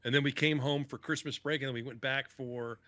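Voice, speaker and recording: Male podcast guest, crisp forward tone, dry close sound, salty casual storyteller who acts out quotes. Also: medium pitch, steady tone, a little fast, pushed and bright, dry recording. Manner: profane, acts out other people's lines.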